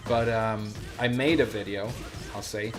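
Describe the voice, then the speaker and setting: A man's voice: fairly low pitch, steady tone, unhurried, over music. A man streaming a fighting game, chatting casually with rambling asides and plenty of fillers. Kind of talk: casual gameplay commentary.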